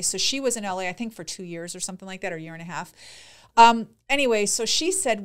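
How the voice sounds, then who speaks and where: A woman's voice: medium pitch, animated, brisk, smooth. A woman co-hosting a podcast, chatting casually and retelling conversations with lots of "like" and quoted dialogue. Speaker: podcast co-host. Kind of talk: casual chat, storytelling.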